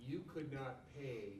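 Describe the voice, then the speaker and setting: A man in the audience asking a question, speaking hesitantly and in halting bits. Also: mid-range voice, darkish tone, slightly rough. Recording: distant, noisy room mic.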